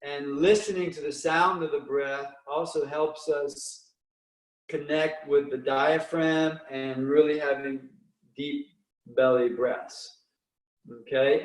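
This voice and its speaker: Slow, calm man counting breaths. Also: on the high side, echoey room, far from the mic, rough recording. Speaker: meditation and breathing instructor. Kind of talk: guided breathing instruction.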